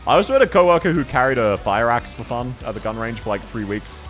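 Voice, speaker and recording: A man's voice: mid-range voice, very animated, quick pace, soft background music. A man with an Australian accent, chatting casually with viewers on a live stream, rambling and laughing at himself. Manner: rambling, self-mocking, laughs often.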